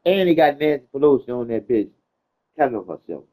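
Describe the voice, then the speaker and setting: A man's voice: mid-range voice, sing-song, a little fast, mellow. A man chatting casually, telling stories in a loose, slangy way, with plenty of cursing. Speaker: host. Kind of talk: casual chat. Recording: tinny phone-like sound.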